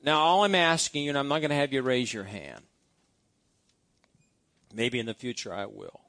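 A man's voice: mid-range voice, normal speed, fairly bright tone, no echo. A male pastor preaching a sermon, reciting scripture-based blessing prayers with emphasis. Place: church.

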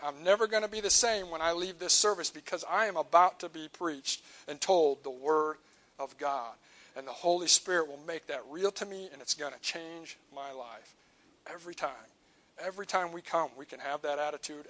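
Bright-voiced man preaching a sermon. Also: on the high side, low-quality recording. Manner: earnest, builds up then drops to a quiet close on key lines. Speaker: church preacher.

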